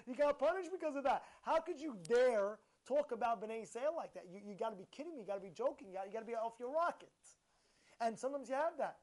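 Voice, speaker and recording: A man teaching a short Torah lesson, emphatic and animated, firing rhetorical questions and repeating himself. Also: very high voice, quick pace. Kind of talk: informal Torah talk.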